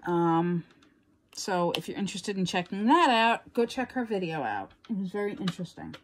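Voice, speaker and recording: A woman's voice: mid-range voice, sing-song, normal speed. A woman with a New York accent chatting casually to viewers as a crafting vlogger, rambling and laughing often.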